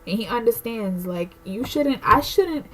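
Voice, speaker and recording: A woman's voice: on the high side, expressive, a little slow, fairly bright tone, low-quality recording. Pregnant young woman venting candidly. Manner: candid, emotional, rambling with many fillers. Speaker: vlogger. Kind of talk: casual personal rant to camera.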